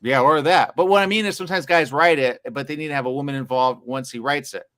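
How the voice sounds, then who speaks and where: Quick jokey guy interviewing filmmakers, trips over his words a lot. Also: medium pitch, a bit bright. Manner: fast, stammering, jokey. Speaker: festival interviewer. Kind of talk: casual red-carpet interview.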